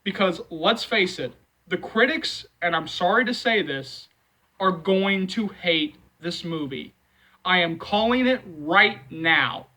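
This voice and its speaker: A man's voice: high voice, animated, slow, bright, forceful tone, rough recording. A man hosting a movie channel, talking casually and rambling, with many fillers and repeated phrases as he reassures fans. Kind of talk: casual commentary vlog.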